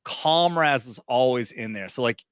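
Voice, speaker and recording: Man, drunk, profane, bright forceful tone, dry close sound, casual podcast chat. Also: medium pitch, lively intonation, normal speed, clear, resonant tone, no room sound. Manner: loose and profane. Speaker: podcast co-host.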